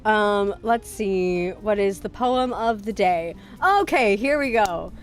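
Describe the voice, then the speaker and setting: A woman's voice: medium pitch, expressive, slow. A young adult woman streaming, chatting casually in a rambling way with lots of fillers and self-deprecating laughs. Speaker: VTuber streamer. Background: faint music.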